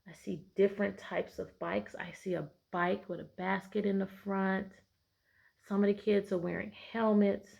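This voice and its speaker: Lady teacher reading a kids' book out loud, stops to ask questions, sometimes goes quiet and hushed. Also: medium pitch, flat delivery, moderate pace, vocal fry, highs cut off. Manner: asks many questions, bright storybook emphasis on narration. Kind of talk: picture-book read-aloud lesson for children.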